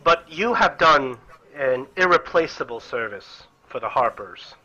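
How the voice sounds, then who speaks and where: A man's voice: mid-range voice, expressive, a little slow, sharp tone, dull audio. A man putting on an earnest priestess. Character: female priestess, poised, earnest, secretive.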